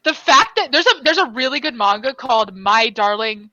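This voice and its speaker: Bright-voiced young woman on a dull phone mic. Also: fairly high pitch, expressive, normal speed, no echo. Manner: rambling, swears casually. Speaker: podcast co-host giving a room tour. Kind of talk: casual chat.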